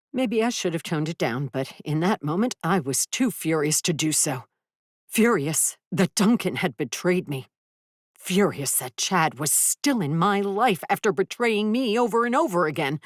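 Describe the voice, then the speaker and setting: A woman's voice: low voice, no echo, clean studio sound. A woman narrating a first-person audiobook, who acts out furious dialogue with rising intensity. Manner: dramatic, voices furious dialogue with raised intensity.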